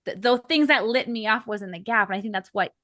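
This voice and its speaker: A woman's voice: fairly high pitch, quick pace, sharp tone, dry recording, clean studio sound. A woman hosting an interview podcast, affirming her guest with many fillers and tag questions. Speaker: podcast host. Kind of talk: casual interview chat.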